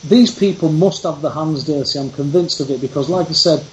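A man's voice: on the high side, a little fast, darkish tone, a little hiss or hum. Emphatic man, roomy dull audio. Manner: emphatic, telling a personal story. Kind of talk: casual conversation. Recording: roomy, dull lo-fi sound with faint background.

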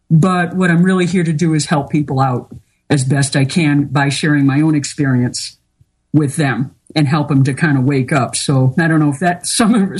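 A woman being interviewed as a guest, talking candidly and at length with many pauses and fillers. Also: low-pitched, slightly rough. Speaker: interview guest, artist and healer. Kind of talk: casual interview talk.

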